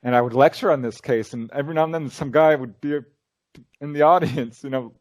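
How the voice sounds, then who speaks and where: Here the guest, a man who researches and lectures on UFOs, sounds on the high side and talks a little fast. Animated and informal, he recounts stories and dramatizes the dialogue within them.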